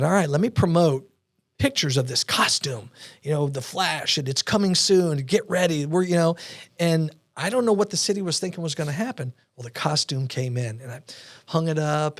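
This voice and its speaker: A man telling his story as a podcast guest, animated and acting out the voices of people he quotes. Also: fairly high pitch, no echo, studio quality. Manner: animated, acts out quoted dialogue. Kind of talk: storytelling interview talk. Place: podcast studio.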